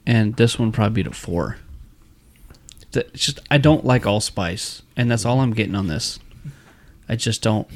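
Casting: man, podcast host, easygoing, halting beer-tasting chat. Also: lowish voice. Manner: relaxed, hesitant, repeats himself.

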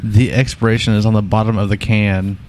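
A low-voiced man who argues playfully with his friends during a laid-back podcast recorded in a home garage. The recording carries a faint background hiss. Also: flat delivery, fairly quick, a little mellow. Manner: playful, argumentative. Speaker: podcast co-host. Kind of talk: casual chat among friends tasting beer.

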